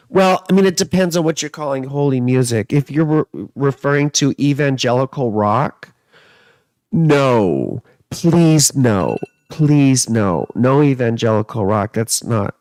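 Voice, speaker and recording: A man's voice: medium pitch, animated, slow, a little mellow, dry recording. A man, an astrologer and tarot reader, chatting casually on a livestream and answering viewer comments in a rambling, playful way. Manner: rambling and playful, mixing jokes with musing.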